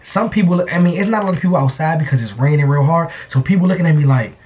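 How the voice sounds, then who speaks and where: A young man vlogging, telling a story in a casual, animated, slangy way full of repetition. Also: a little high, fast.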